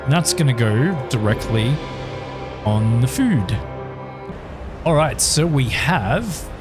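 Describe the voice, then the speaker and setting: An Australian man talking through a colony strategy game in a relaxed, thinking-aloud way, filling his pauses with ums. His voice sits at a middle pitch, and faint game music plays behind him. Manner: talks to chat, thinks aloud with many ums. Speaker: gaming YouTuber. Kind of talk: casual gameplay commentary.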